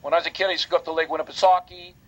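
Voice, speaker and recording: A man's voice: fairly high pitch, steady tone, rapid-fire. A man hosting a talk radio show, delivering a heated, indignant monologue that repeats points for emphasis. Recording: lo-fi radio broadcast.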